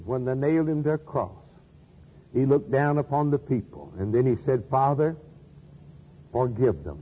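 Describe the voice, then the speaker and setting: A man's voice: mid-range voice, husky, in a large hall, muffled recording. A man preaching a sermon in an earnest manner, asking rhetorical questions and repeating key phrases.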